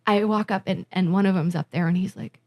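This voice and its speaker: A woman from Massachusetts telling festival stories in casual podcast chat, emotional and animated, acting out what people said. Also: medium pitch, quick pace. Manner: animated, emotional storyteller, acts out quotes. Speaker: musician and festival organizer, guest.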